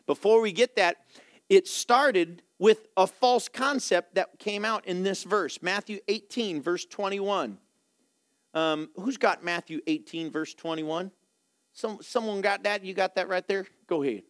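Lively male Bible teacher with a high, dry voice who jokes at his own expense. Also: unhurried, no room sound. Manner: animated, laughs often, self-deprecating. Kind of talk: sermon-style Bible teaching with slides.

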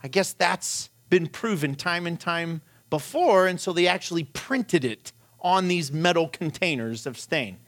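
A middle-aged preacher with a high, raised voice and a gravelly fry at the edges of his words. He tells a funny personal story in an animated, self-deprecating way and chuckles through it. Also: a little slow, few pauses. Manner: animated, self-deprecating, laughs while telling. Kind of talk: humorous personal story in a sermon.

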